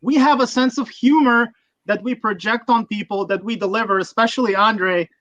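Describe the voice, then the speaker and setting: Male streamer, crisp bright tone, dry mic, foul-mouthed and rambling. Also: sits high, steady tone, moderate pace, no echo, muffled recording. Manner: profane, ranting, rambling. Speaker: livestream host. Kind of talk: casual livestream chat.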